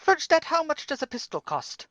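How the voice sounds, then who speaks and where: A woman at a tabletop role-playing game, playful and sarcastic. Her pitch moves a lot, and the recording is close and dry. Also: very animated, moderate pace, a bit bright, no echo. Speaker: player. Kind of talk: tabletop role-play chat.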